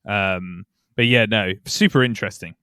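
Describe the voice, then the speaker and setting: Bright, dry-voiced podcast host. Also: male voice, fairly low pitch, moderate pace, clear, resonant tone, no echo. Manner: agreeable, musing aloud. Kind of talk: casual interview chat.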